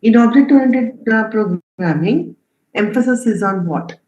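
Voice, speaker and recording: A programming instructor teaching a live online class, firing questions at students and reading their answers aloud. The voice sits at an ordinary middle pitch and keeps checking in with the class. The stream sounds roomy and muffled, with dull lo-fi audio. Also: expressive, a little slow, a little mellow. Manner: frequent check-ins like "okay?" and "right?".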